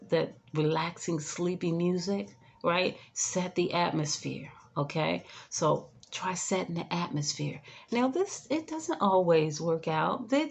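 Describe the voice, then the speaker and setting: An in-home caregiver talks to the camera with casual, chatty advice, ending her lines with "right?" and "okay?". Her voice is lowish and creaky, and she turns soothing, dropping to a hush whenever she models calm words.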